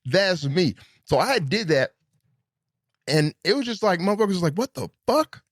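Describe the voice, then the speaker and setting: A middle-aged man hosting a solo podcast, talking casually in a rambling, profane, animated way. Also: normal speed. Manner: animated, profane, rambling, swings between high and low pitch. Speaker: podcast host.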